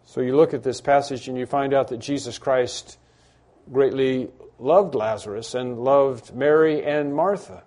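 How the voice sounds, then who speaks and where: A man's voice: medium pitch, measured pace, warm tone. A man preaching a sermon, who acts out the cries and pleas of the people he quotes with rising intensity. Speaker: pastor.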